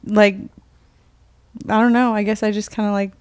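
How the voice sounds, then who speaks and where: A woman's voice: mid-range voice, normal speed, smooth, dry recording. A woman co-hosting a casual podcast, chatting loosely with plenty of fillers. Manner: relaxed and conversational, many fillers. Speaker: podcast co-host. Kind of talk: casual chat.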